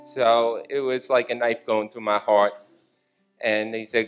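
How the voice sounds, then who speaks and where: A man's voice: mid-range voice, flat delivery, measured pace, clean tone, soft background music. A middle-aged man giving an earnest personal testimony on a church stage.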